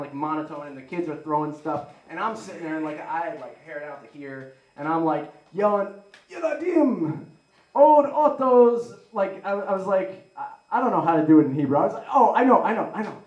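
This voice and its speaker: Male stand-up comic, rambling excitable delivery, bright high voice, roomy live recording. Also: brisk, hardly any pauses, highs cut off. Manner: rambling, excitable, heavy use of "like". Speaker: stand-up comedian. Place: live comedy venue with an audience. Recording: roomy echoey live room.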